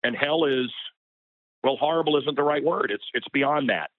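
A man's voice: medium pitch, moderate pace, no echo. A man, a radio personality, talking as a guest in an interview, impassioned and getting worked up as he speaks. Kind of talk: heated interview conversation. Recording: tinny phone line.

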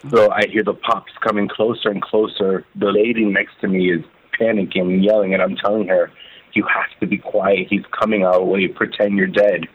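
A man telling his own story as an interview guest, halting and repeating words as he recounts it. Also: fairly low pitch, flat delivery, slightly rough. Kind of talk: emotional first-person testimony. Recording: phone-like narrow band.

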